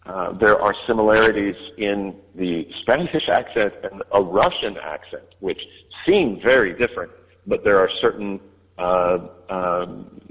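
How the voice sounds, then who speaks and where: A man's voice: on the low side, a little slow. A man, an audiobook narrator, answering interview questions in a hesitant way, with many fillers and restarts. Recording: dull line with long reverb.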